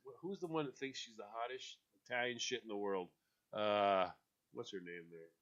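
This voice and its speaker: A man hosts a casual radio talk show, jokey and animated, breaking into funny voices to act out quotes. His voice sits mid-pitched, and the sound is dull and lo-fi. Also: moderate pace.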